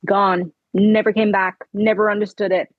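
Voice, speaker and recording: A woman's voice: mid-range voice, flat delivery, moderate pace, no room sound, phone-quality sound. A middle-aged woman, a podcast guest telling her story earnestly in conversation and acting out the dialogue. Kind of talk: conversational interview.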